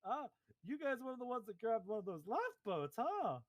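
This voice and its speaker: A jolly male octopus clown with a put-on Southern drawl, played by a man. He leaps up into high, swooping, sing-song tones and cackles. The recording is close and dry. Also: big pitch swings, brisk, no room sound.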